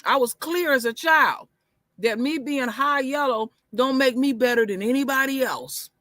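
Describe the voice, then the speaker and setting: A woman co-hosting a casual opinion talk, telling stories forcefully and cutting in often. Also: sits high, moderate pace, no echo. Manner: forceful storytelling, interjects often. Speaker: co-host.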